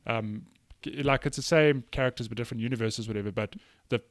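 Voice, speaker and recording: A man co-hosting a casual gaming podcast, easygoing and quick to laugh, with frequent hesitant fillers on a close, dry mic. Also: medium pitch, no echo. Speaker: podcast co-host.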